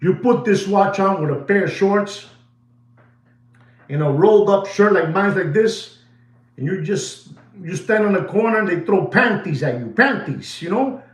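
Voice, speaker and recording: A man's voice: sits high, expressive, a little slow, echoey room. A man hosting a casual watch market update, emphatic and repetitive, swinging his voice up and down for drama.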